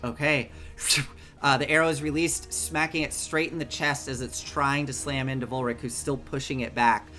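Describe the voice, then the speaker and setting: A man narrating a tabletop game as game master, relaxed, with many fillers. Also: mid-range voice, normal speed, faint music behind.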